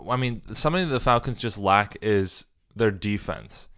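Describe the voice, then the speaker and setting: A young man co-hosting a casual chat, joking, opinionated and quick to tease. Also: lowish voice, animated, fairly bright tone. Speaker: podcast co-host.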